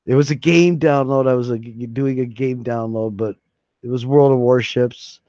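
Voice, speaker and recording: A man's voice: mid-range voice, fairly even intonation, moderate pace, dark tone, dry recording. Streamer host, male, loose rambling chatter with laughs, slightly muffled dry recording. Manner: rambling, laughing and swearing freely. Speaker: streamer hosting a live hangout. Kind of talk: casual live-stream chat. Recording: dry, slightly dull lo-fi sound.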